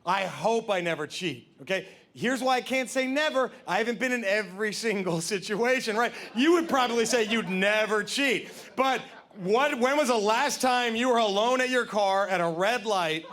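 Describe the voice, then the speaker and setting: A man in his thirties doing a stand-up comedy set on stage, acting out scenes in silly voices with audience laughter behind him. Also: high-pitched. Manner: animated, acts out scenes in silly put-on voices. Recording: live stage recording with clear room noise.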